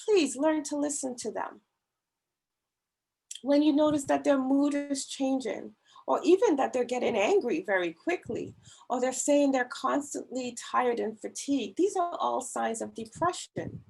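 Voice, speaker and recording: A woman gives a church talk on caring for others, speaking slowly and earnestly. Her voice sits a little high and has a husky edge. She presses her points with emphatic pleading. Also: a little mellow, low-quality recording. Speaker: women's ministry speaker. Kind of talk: church talk on mental health. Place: church service, online meeting.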